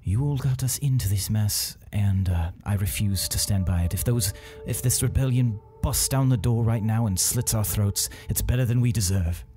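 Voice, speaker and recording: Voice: mid-range voice, moderate pace, hardly any pauses, mellow, natural voice. A man doing a bitter, guilt-ridden voice. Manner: resentful, blunt.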